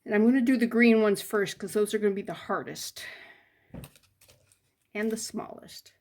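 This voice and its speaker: A woman's voice: medium pitch, normal speed, darkish tone. An older woman chatting casually as she works on jewelry, muttering to herself between remarks. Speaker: jewelry crafter. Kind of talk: casual crafting chat.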